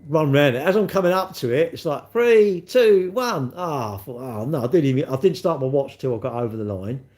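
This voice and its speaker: A man's voice: medium pitch, animated, quick pace, darkish tone. A middle-aged man chatting on a phone livestream, rambling and bantering cheekily with viewers. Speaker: livestream host. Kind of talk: casual chat answering live comments.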